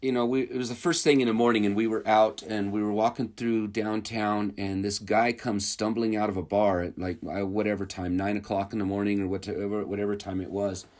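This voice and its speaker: A man's voice: fairly low pitch, little pitch movement, brisk, hardly any pauses, darkish tone. A man telling his missionary stories in a casual interview, rambling and chuckling, with many fillers and restarts.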